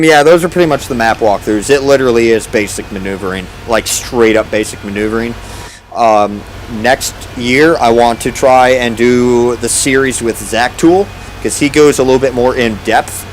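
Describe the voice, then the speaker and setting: A man's voice: medium pitch, rough recording. Male streamer, casual gameplay commentary, sarcastic and laid-back, faint game noise under him.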